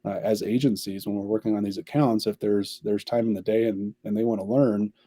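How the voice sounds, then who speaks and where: A man's voice: on the low side, fairly even intonation, a little fast, mellow, no room sound. A man, a company chief executive, answering interview questions at length in an upbeat way. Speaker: agency CEO, podcast guest.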